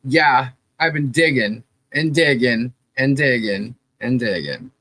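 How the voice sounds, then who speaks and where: A hoarse-voiced woman co-hosts a livestream with easy, chatty warmth and frequent laughter. She talks at an unhurried pace. Her voice is recorded close and dry, with no room echo. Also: rumbling low, lively intonation. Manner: chatty, laughs often while greeting viewers. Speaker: podcast co-host. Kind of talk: casual livestream chat.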